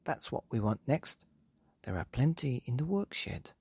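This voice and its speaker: A man voicing a clever, excited father monkey who gives eager commands. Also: medium pitch, unhurried, vocal fry, breathy edge, no echo, exaggerated voice. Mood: urgent.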